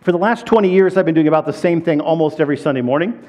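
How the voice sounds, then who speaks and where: Middle-aged male pastor, higher voice. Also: very fast, darkish tone. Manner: conversational storytelling, repeats words when building up. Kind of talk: sermon. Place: church.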